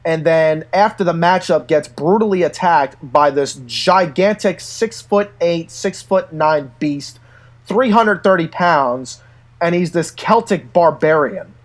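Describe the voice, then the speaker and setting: Male co-host with a high voice, an animated storyteller who laughs often. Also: slow. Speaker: podcast co-host. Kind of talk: casual chat.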